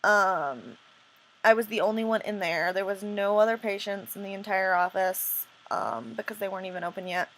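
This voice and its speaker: A woman talks straight to her camera in a casual vlog, retelling a story in a rambling, self-interrupting way. Her voice sits at an ordinary middle pitch for a woman. She sounds earnest and a little indignant, and she stops and restarts often with "um.". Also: lively intonation, normal speed, a bit bright, slight background noise, low-quality recording. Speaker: vlogger.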